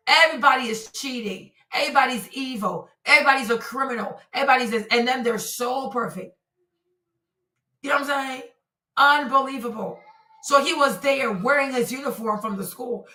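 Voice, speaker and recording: A woman's voice: a little high, sharp tone, echoey room, recorded from a distance. A woman hosting a live commentary stream, speaking emphatically and repeating herself for effect. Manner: emphatic, repetitive, exclaiming. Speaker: livestream commentator.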